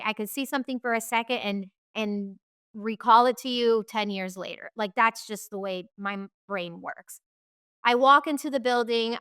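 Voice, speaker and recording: A woman's voice: a little high, bright, forceful tone, smooth, dry recording, studio quality. A young woman candidly recounting her own story in an interview, swearing freely and acting out what others said. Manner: candid, swears freely, acts out quoted voices. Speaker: guest telling her life story.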